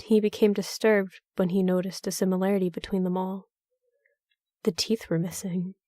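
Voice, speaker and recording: A woman narrating a horror story in a measured, even storytelling manner. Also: medium pitch, dry recording, clean studio sound.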